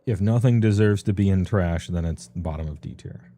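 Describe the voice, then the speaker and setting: A man streams a casual, rambling rundown of tabletop game books, offhand and loose, full of ums and laughing at himself. His voice is low and mellow at a normal speed.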